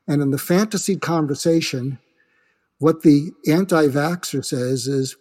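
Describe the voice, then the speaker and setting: A man's voice: on the high side, measured pace, big-room sound. An older man talking as an interview guest, explaining ideas and acting out example dialogues in quoted voices. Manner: animated, slips into quoted voices. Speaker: guest, suicide prevention expert.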